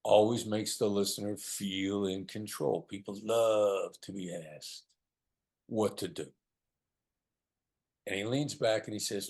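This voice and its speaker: A man's voice: lowish voice, unhurried. A middle-aged man, a guest in an interview, telling stories and acting out the lines of the people in them. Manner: animated storyteller, acts out quoted lines. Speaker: guest, former hostage negotiator. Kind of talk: storytelling in an interview.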